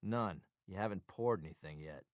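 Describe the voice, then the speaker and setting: A man voicing a stubborn injured male agent who talks gruff and impatient. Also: low-pitched, moderate pace, no room sound, studio quality, natural voice.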